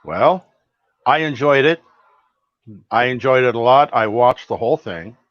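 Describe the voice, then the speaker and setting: A man's voice: mid-range voice, lively intonation, unhurried, no echo. A man co-hosting a podcast, talking in a rambling, hesitant way with many restarts. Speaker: podcast co-host. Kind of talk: casual podcast chat. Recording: dry, dull lo-fi audio.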